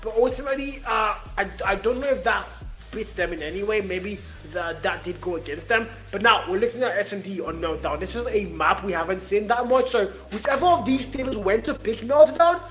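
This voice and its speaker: High-voiced excitable male esports caster. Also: brisk, soft background music. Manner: chatty, excitable, laughs often. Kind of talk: live esports commentary. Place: Nairobi, Kenya.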